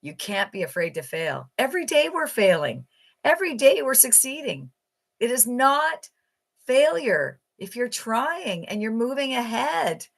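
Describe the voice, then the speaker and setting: A woman giving an enthusiastic, emphatic motivational sales pitch for an online marketing program. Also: sing-song, unhurried.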